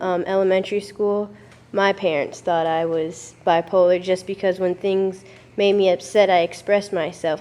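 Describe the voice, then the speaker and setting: A young woman in the audience, telling a personal story in a casual, relaxed way. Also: mid-range voice. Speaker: audience member.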